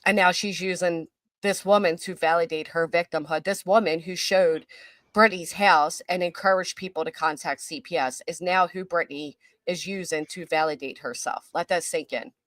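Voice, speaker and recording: Indignant low-voiced woman host. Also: fairly even intonation, normal speed, a bit bright, no room sound. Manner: indignant, sarcastic, says "y'all". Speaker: channel host. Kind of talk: casual commentary chat.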